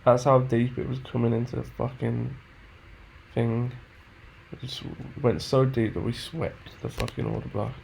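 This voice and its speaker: A man's voice: mid-range voice, measured pace, creaky, darkish tone, slight background noise. A man who thinks aloud while he trades. He talks to himself, sounds frustrated and swears often. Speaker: trader backtesting charts. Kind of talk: muttering commentary to himself.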